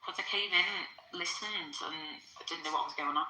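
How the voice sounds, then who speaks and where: A woman from Wales with a Welsh accent, chatting in a group conversation in a slow, drifting, hesitant way. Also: low voice, bright, forceful tone, roomy sound, slight background noise, low-quality recording. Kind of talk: casual group chat.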